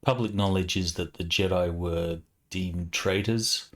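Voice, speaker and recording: A man narrating as game master of a tabletop role-playing game, relaxed, with many fillers. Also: sits low, a little slow.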